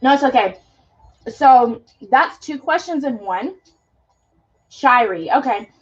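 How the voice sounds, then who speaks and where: A young woman with a fairly high voice runs a live tarot reading, chatting loosely and filling her talk with "like". Her sound is dull and lo-fi, as from a home live stream. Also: animated, takes it slowly, slightly rough. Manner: chatty, many fillers, spiritual talk. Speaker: tarot reader.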